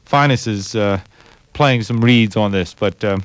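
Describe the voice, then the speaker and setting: A man hosting a radio program, giving measured, thoughtful commentary on old recordings with frequent pauses and hesitations. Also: on the low side, dry recording. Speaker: radio host. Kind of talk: radio jazz history commentary.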